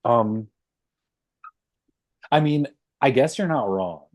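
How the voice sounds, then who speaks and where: A man's voice: medium pitch, expressive, slow, dry recording. A young man co-hosting a casual podcast chat, hesitant and laughing, with many ums. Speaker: podcast co-host.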